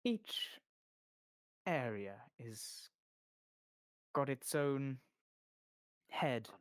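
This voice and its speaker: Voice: medium pitch, expressive, drawn-out words, dry recording, studio quality. A game master voicing a guarded woman guild boss. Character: cool, guarded woman who heads a smuggling guild. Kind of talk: tabletop role-play.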